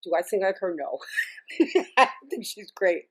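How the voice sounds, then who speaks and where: A middle-aged woman, a singer and music teacher, telling stories as an interview guest in a chatty, animated way, often laughing and restarting her sentences. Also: medium pitch, a little slow. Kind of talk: casual interview storytelling.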